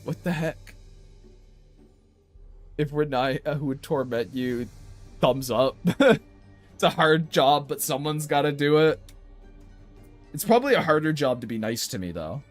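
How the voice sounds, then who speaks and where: High-voiced playful young male streamer. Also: unhurried, pauses often, faint music behind. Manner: animated, playful, mock-indignant with frequent laughs. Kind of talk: casual chat with stream viewers.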